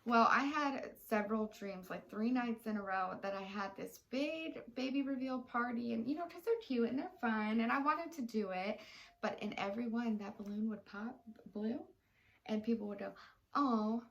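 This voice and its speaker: A woman's voice: on the high side, normal speed, creaky, fairly bright tone, lo-fi sound. Chatty young woman telling stories. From Texas. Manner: chatty storyteller, many fillers. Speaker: co-host. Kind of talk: casual chat.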